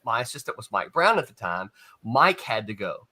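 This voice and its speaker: A man's voice: fairly low pitch, big pitch swings, moderate pace, pushed and bright. A man, a former comics editor, telling a rambling anecdote in a casual panel chat, with frequent restarts and chuckles. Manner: rambling storyteller, chuckles often, many restarts.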